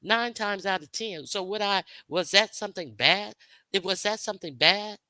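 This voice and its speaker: A bright, sharp-toned woman delivers a confrontational, expletive-laden rant to her livestream audience. She circles back over the same points and hurls questions at her detractors, all in a close, dry-sounding recording. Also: medium pitch, moderate pace, no echo. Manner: confrontational, profane, repetitive. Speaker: livestream host. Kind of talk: heated unscripted rant to viewers.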